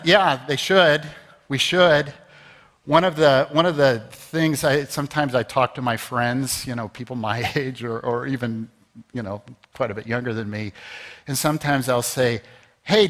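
A man's voice: medium pitch, normal speed, fairly bright tone. A man preaching a conversational sermon as pastor, rising to emphatic peaks. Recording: long reverb of a large hall.

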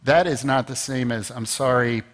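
A man's voice: medium pitch, normal speed. A man preaching a conversational sermon as pastor, rising to emphatic peaks. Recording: long reverb of a large hall.

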